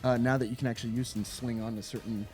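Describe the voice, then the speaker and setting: A man's voice: mid-range voice, level tone, fast talker, music in the background. Rambling, laid-back male game reviewer. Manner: rambling, loose and profane, laughs often. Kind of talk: casual chat.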